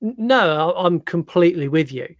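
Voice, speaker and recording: A man's voice: sits high, moderate pace, no echo, clean studio sound. A man co-hosting a casual film review podcast, laughing and acting out scenes as he talks. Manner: animated, laughing, acts out scenes. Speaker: podcast co-host.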